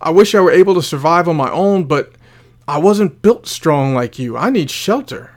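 A man's voice: fairly high pitch, animated, normal speed, darkish tone, natural voice. Frightened storm-lost wanderer, hesitant and pleading, put on by a man.

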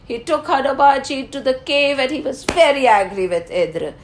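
A woman's voice: sits high, a little fast, slight background noise. A woman, animatedly telling a story to children with exclamations and questions.

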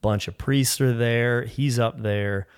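A man's voice: mid-range voice, steady tone, slow pace, clear, resonant tone, no room sound. A man sharing a personal faith testimony as a podcast guest, rambling, with frequent restarts and filler words.

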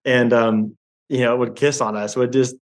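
Young man, podcast guest, casual and rambling, mid-pitched voice, lots of ums and restarts. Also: steady tone. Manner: rambling, halting, with many fillers and restarts. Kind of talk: casual interview chat.

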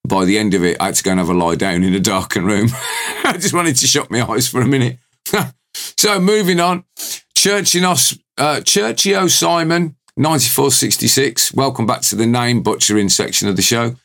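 A man's voice: mid-range voice, lively intonation, normal speed, fairly bright tone. A British man co-hosting a tattoo talk show, explaining things at length and laughing often. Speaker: podcast co-host, tattoo artist. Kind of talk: casual chat.

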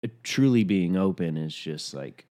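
A man's voice: sits low, lively intonation, a little slow, dark tone. A man, a podcast host, talking thoughtfully in a casual conversation. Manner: reflective, thoughtful, speaks in considered phrases.

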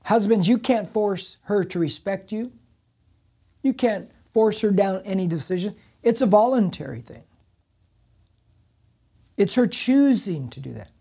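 A man's voice: high voice, lively intonation, unhurried, long pauses, warm tone, breathy edge. A middle-aged man preaching a sermon as pastor, talking directly and conversationally to the congregation.

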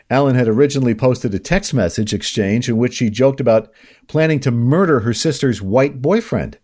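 Male talk host, mid-pitch, reads the news and jumps in with sarcastic, indignant asides. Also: animated, normal speed, a little mellow. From upstate New York. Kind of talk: opinionated news commentary.

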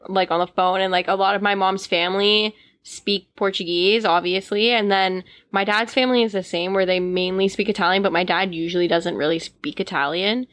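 A woman's voice: mid-range voice, steady tone, brisk, few pauses, a bit bright, dry recording. A young Canadian woman in casual podcast chat, rambling with lots of fillers and giggles.

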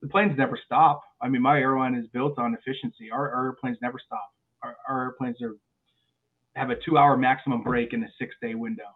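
Animated man talking over a tinny line. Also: mid-range voice, a little fast. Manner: animated storyteller with frequent restarts and repeated words. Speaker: airline pilot guest. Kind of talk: podcast interview chat. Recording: phone-like narrow sound.

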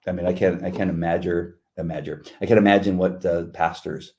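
Deep, mellow middle-aged man. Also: steady tone, fairly quick. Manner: earnest, reflective. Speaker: co-host. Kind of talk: devotional chat.

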